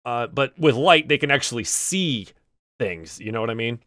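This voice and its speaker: A man narrating as game master of a tabletop game, speaking haltingly with frequent restarts. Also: medium pitch, expressive, a bit bright, no echo, clean studio sound.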